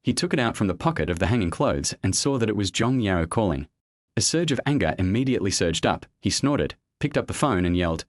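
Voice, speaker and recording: A man narrating a web comic recap in a steady first-person storytelling manner. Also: on the low side, fairly quick, dry recording.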